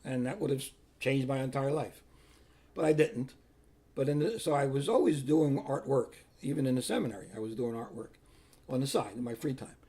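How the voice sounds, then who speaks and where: A man's voice: medium pitch, fairly quick, dark tone, slightly rough. An older man, once a priest, telling his life story plainly in an interview and acting out other people's words. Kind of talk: personal storytelling.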